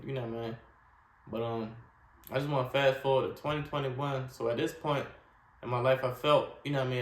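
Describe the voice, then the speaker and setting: A man earnestly telling his life story in short, heartfelt phrases, often asking "you know what I mean". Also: medium pitch. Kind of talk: personal testimony, casual storytelling. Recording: echoey room with faint ambient noise.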